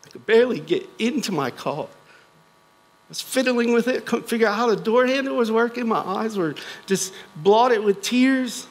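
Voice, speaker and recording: A middle-aged man with an American accent and a notably high-pitched voice shares a personal testimony before a congregation. His storytelling is earnest and unhurried, broken up now and then by dry jokes at his own expense. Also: expressive, rough recording. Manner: earnest storytelling with light self-deprecating humor. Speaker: guest speaker.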